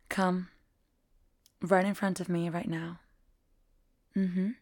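Woman playing a slow, teasing strict tutor in whispered role-play. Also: fairly low pitch, level tone. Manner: slow, teasing, domineering, with frequent soft laughs.

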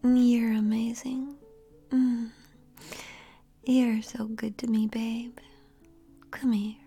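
Slow whispered role-play, young woman. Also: fairly high pitch, level tone, warm tone, faint music behind.

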